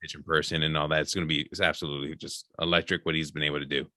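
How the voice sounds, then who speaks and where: A man's voice: extremely low pitch, little pitch movement, racing, bright, forceful tone, dry recording, clean studio sound. A man hosting a podcast, chatting enthusiastically in a rambling way with many fillers. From American Midwest. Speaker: podcast host. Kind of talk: casual interview chat.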